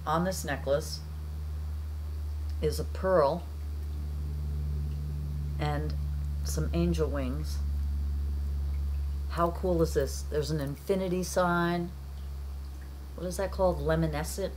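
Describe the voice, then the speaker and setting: Woman, artist vlogger at home. Casual, rambling chat, slightly low pitch. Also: steady tone, slow, long pauses, a little mellow, slight background noise. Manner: chatty and rambling, often addressing viewers as "you guys".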